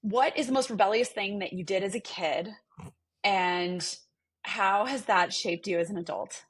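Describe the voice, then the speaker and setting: A woman's voice: medium pitch, normal speed, husky. A woman hosting a podcast interview, responding with affirmations and asking casual questions. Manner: warm and affirming, asks questions, many fillers like "like" and "um". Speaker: podcast host.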